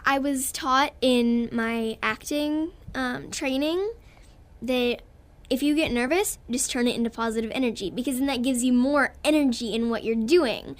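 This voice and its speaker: A woman's voice: high voice, normal speed. A young girl from Texas with a Texan accent, a guest actress in a radio interview, talking in a bubbly, earnest way and giggling often. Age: child.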